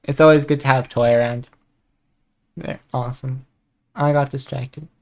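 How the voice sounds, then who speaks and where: A woman's voice: a bass voice, fairly even intonation, normal speed, darkish tone. A woman streamer talking casually on a live stream, reading out an introduction and then chatting, easily distracted. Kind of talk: live-stream chat and commentary.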